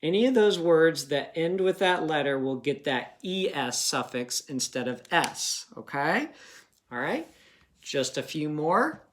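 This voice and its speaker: Brief: male grade-school teacher, unhurried and patient, coaxing kids along with questions. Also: fairly high pitch, big pitch swings, fairly bright tone. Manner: patient, checks in with frequent "okay?" and questions to young listeners. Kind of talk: recorded phonics review lesson.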